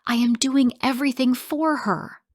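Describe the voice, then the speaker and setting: A woman's voice: lowish voice, unhurried, no room sound, studio quality. A woman voicing a tired, remorseful middle-aged husband and father in her own plain, subdued voice. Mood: defensive.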